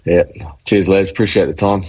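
A man's voice: low-pitched, fairly even intonation, brisk, darkish tone, slightly rough, no echo. A man, a rugby player guest, talking easygoing and modest with frequent ums. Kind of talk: casual interview chat.

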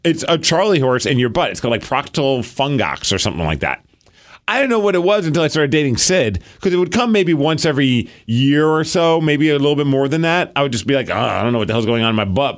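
A man co-hosting a podcast in casual chat, telling animated stories while complaining about a painful sore mouth. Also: a little high. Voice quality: sore mouth from canker sores. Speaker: podcast co-host.

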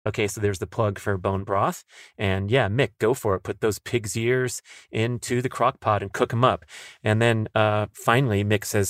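A man's voice: mid-range voice, normal speed, dry recording, clean studio sound. A man hosting a podcast, reading listener questions in a casual, upbeat way. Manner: upbeat, animated asides. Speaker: podcast host.

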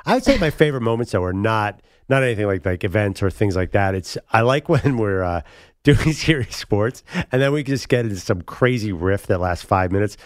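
A man co-hosting a casual sports show in a studio, jokey and quick to laugh. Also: fairly low pitch, animated, no echo.

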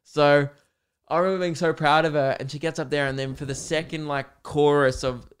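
Chatty young man, smooth voice. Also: on the high side, steady tone, moderate pace. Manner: rambling, chatty storytelling with frequent fillers and swearing. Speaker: podcast host. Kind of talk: casual solo podcast chat.

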